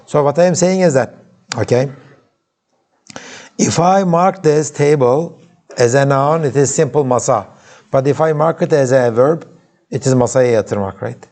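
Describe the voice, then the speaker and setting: Mellow-voiced lecturer with a Turkish accent. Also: male voice, medium pitch. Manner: checks in with the class, frequent "okay?" and "right?"; halting, with many filler sounds and restarts. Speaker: university lecturer. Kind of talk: classroom lecture.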